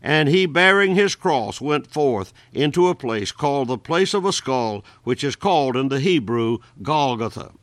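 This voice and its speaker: A man's voice: medium pitch, lively intonation, moderate pace, hardly any pauses, fairly bright tone, no room sound. Earnest male preacher, dry close voice. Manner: earnest, direct address to listeners, King James quotations. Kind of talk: radio-style Bible exposition sermon.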